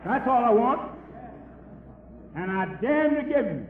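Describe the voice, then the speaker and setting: A man's voice: very high voice, animated, measured pace, slight background noise. A man in a heated public debate who insistently repeats his demand for a scripture. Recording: tinny echoey distant recording.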